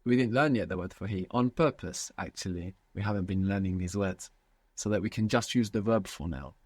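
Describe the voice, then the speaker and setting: Male teacher, low-pitched, patient questioning, dry close sound. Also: brisk, dry recording. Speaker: language teacher. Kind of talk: guided language lesson.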